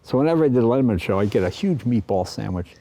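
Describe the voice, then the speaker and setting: Older male guest, mellow tone, lively storyteller who acts out quotes. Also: mid-range voice, racing. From East Coast of the US. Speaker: interview guest. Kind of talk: anecdotal interview talk.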